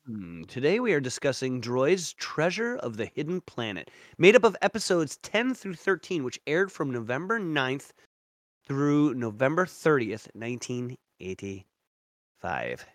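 This man co-hosts a podcast, animatedly recounting stories and impersonating the characters he quotes in easygoing chat. His medium-pitched voice moves at a measured pace, captured in studio quality with no echo.

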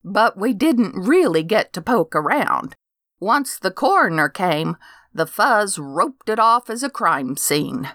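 Slow, wry older woman storyteller. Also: mid-range voice, sing-song, a bit bright, dry recording, studio quality. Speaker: narrator. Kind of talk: first-person story reading.

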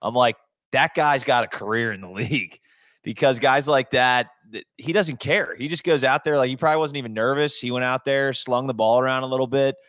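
A man's voice: medium pitch, a little fast, fairly bright tone, dry recording, studio quality. A man co-hosting a casual sports podcast, talking in a laid-back, rambling way with lots of fillers. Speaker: podcast co-host.

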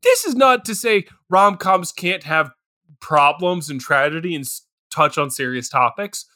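A man's voice: a little high, unhurried. A man co-hosting a podcast, riffing on a bad movie with sarcastic jokes and frequent laughter. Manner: laughs often, animated, sarcastic. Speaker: podcast co-host. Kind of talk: casual comedic movie riffing.

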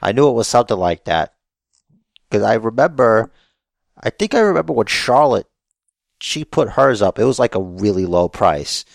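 Gravelly man, chatty and teasing. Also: fairly low pitch, sing-song, normal speed, long pauses, no room sound. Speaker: podcast co-host. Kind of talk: casual chat.

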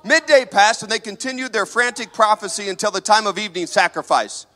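Guy preaching a sermon, high voice, keeps firing questions at the crowd, big echoey hall. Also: fairly quick, pushed and bright. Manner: emphatic, asks the audience questions.

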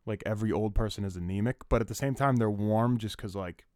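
A man's voice: lowish voice, fast, a little mellow, smooth, no echo, studio quality. A young man co-hosting a podcast, trading crude, teasing jokes and rambling with many restarts. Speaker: podcast co-host. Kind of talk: crude joking podcast banter.

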